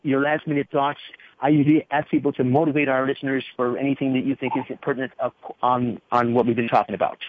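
A man's voice: medium pitch, fairly even intonation, a little hiss or hum. Male radio host, chatty and rambling, heard through a narrow tinny radio band. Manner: rambling, spells things out slowly. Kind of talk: casual radio talk. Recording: tinny phone-like radio audio.

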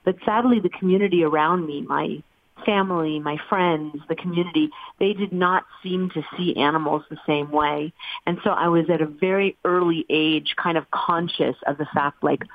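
A woman's voice: low voice, fairly even intonation, normal speed. A middle-aged woman telling her life story as an interview guest, earnest and emotional. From United States. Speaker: guest, animal sanctuary founder. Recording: tinny phone-line sound, dry.

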